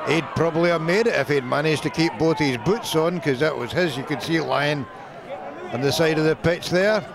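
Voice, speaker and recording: A man with a Scottish accent giving brisk play-by-play rugby commentary, rising with excitement at big moments. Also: on the high side, gravelly. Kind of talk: match commentary. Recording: outdoor crowd noise with background hum. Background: crowd and outdoor noise.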